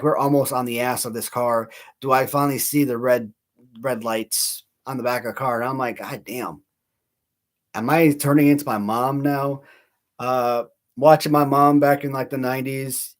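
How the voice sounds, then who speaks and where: A man in his thirties hosting a casual livestream, rambling and laughing at himself between stories. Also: medium pitch. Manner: rambling, self-mocking, laughs often, many restarts. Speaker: channel host.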